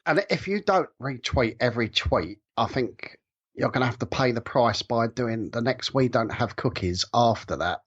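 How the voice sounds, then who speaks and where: A man's voice: mid-range voice, lively intonation, normal speed, husky, muffled recording. A man with an English accent chatting casually as a podcast guest, teasing the others.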